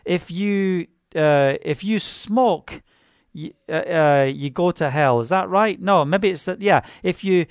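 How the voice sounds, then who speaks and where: A fervent man preaching with a high, light voice, telling his testimony in a loose, rambling way. Fillers keep spilling in between his bursts of zeal. The sound is close and dry, with no room around it. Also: slow pace, clear, resonant tone, dry recording. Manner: fervent, rambling, with many "you know" fillers. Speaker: minister. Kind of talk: personal testimony sermon.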